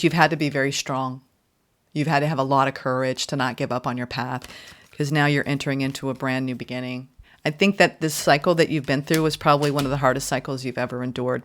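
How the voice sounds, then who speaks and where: Delivering a laid-back tarot reading, this woman speaks in a bass voice, lurching between loud outbursts and quiet murmurs. She's expressive and emphatic, with "right?" and "like" cropping up often.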